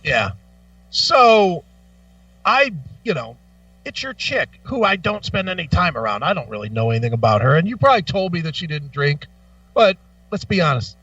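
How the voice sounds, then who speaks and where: A man co-hosting a radio talk show, telling stories with lots of profanity in a lively, animated way. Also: a little high, moderate pace, no room sound, far from the mic, muffled recording, faint music behind. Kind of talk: casual chat. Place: radio studio.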